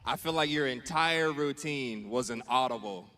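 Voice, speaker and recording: A man's voice: medium pitch, moderate pace, pushed and bright. A man giving a friendly, bantering judge's verdict. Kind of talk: casual chat.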